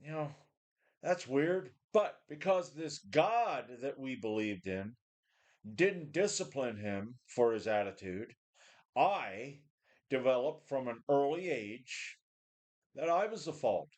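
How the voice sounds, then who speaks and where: A man's voice: medium pitch, sing-song, takes it slowly, a little mellow. Man in his forties, weary, cursing, unscripted webcam vlog from a home gym. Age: 40s. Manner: blunt, profane, weary, full of sighs and restarts. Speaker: vlogger. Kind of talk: casual rambling talk to a webcam.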